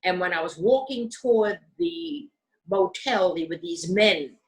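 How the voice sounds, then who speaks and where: Older woman recounting her life, measured. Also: medium pitch, very animated, low-quality recording. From United States. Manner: measured, careful storytelling, acting out voices in quotes. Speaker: interview guest. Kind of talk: telling her life story.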